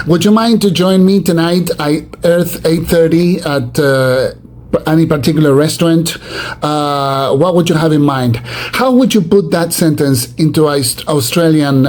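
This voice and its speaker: A man with an Argentine Spanish accent, a native Spanish speaker, chatting with halting speech, fillers and restarts. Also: a little high, a little mellow. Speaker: host. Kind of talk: casual chat.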